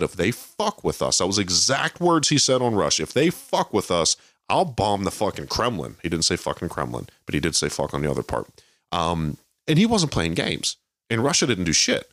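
Podcast co-host, male, very deep voice, angry profane ranter, dry close sound. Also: a bit bright, no room sound. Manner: heated, swears constantly, mocking impressions. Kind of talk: profane political rant.

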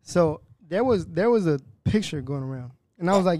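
A young man co-hosting a podcast, telling stories in excited, slangy bursts. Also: sits high, fairly quick, no room sound. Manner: excitable, animated storytelling with slangy exclamations. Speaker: podcast co-host. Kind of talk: casual podcast banter.

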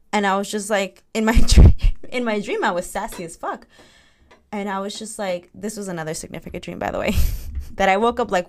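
A young woman hosting a podcast on her own, telling her dreams in a candid, animated way, with frequent laughs and swearing. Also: fairly low pitch. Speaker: podcast host. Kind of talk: casual solo podcast chat.

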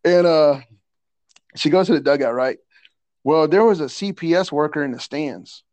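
A man telling a coaching story in a casual chat, animated and slangy, stumbling over repeated words and laughing often. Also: on the high side, normal speed, no echo. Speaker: podcast guest, assistant softball coach.

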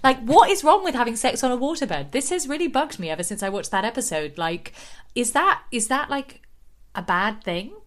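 A woman's voice: a little high, sing-song, normal speed. A woman co-hosting a podcast, chatting casually and recapping scenes with lots of "like". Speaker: podcast co-host. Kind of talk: casual chat.

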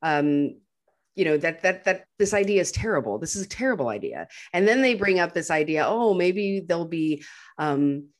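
Woman, lower voice, podcast co-host, dry humor, animated retelling. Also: fairly quick. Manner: wry, animated retelling with acted-out quotes. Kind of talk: casual movie recap chat.

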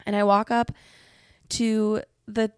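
A woman's voice: mid-range voice, level tone, slow pace, a little mellow, clear, resonant tone, no room sound, studio quality. A young woman hosting a podcast, venting candidly and casually with frequent swearing and lots of "like". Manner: candid, profane, heavy use of "like". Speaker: podcast host.

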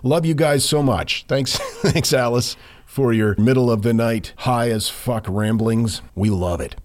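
A man's voice: medium pitch, unhurried. A man co-hosting a podcast, reading listener mail aloud in a playful way with frequent laughs. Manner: lively, playful, laughs often. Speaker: podcast co-host.

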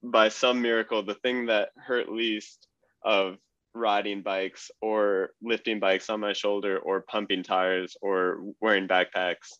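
A man's voice: on the low side, slow, no echo, lo-fi sound. A man, a cyclist guest, telling a story in casual chat with lots of fillers and laughter. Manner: relaxed, laughs through stories, many fillers.

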